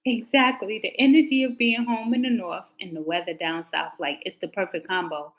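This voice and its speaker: A woman's voice: medium pitch, steady tone, a little fast, a bit bright, poor audio. A woman tarot reader talking casually to her livestream viewers, candid and slangy. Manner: chatty and candid, slangy, talks back to chat comments.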